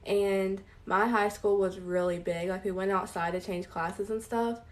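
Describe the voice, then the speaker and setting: A woman's voice: medium pitch, fairly even intonation, measured pace. A young college-age woman telling a casual story time, with many fillers. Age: young adult. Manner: filler-heavy narrating. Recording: voice a bit distant from mic.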